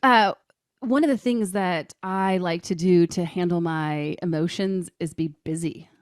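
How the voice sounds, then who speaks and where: Podcast guest, woman, lower pitch, very dry close sound, animated storyteller. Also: measured pace, no room sound. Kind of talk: casual storytelling.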